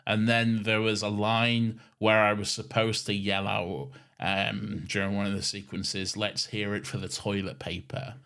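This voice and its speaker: A man's voice: on the low side, flat delivery, unhurried, vocal fry, hardly any pauses, a bit bright, clear, resonant tone. A man co-hosting a podcast, chatting casually, laughing often and swearing now and then. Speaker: podcast co-host. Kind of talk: casual chat.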